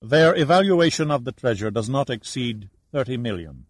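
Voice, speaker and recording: A man voicing a calm, smooth-talking government official in an audiobook. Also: mid-range voice, normal speed, no echo, lightly acted. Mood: evasive.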